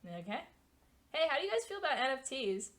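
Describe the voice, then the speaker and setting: A woman's voice: sits high, fairly quick. Rambling, swearing young woman streamer. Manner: rambling, swearing, animated storytelling. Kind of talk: casual chat.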